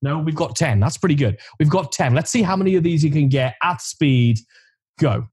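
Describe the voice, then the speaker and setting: A man's voice: on the high side, animated, moderate pace, very noisy. A man hosting a podcast interview, chatty and playful as he asks questions. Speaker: podcast host. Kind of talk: casual interview chat.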